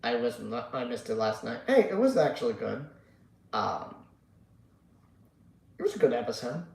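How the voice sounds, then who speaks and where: A man's voice: medium pitch, sing-song, normal speed, gravelly, a little mellow, roomy sound, low-quality recording. A sleepy man hosting a casual live stream, reading chat aloud and rambling with lots of fillers and casual swearing. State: sleepy, yawning. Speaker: livestream host reading chat.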